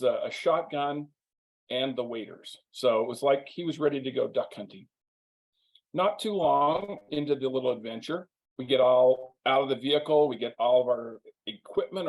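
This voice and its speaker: A man's voice: mid-range voice, darkish tone, poor audio. A man, a guest on a business interview, telling a wry, humorous anecdote and drawing a sales lesson from it. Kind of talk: anecdotal storytelling.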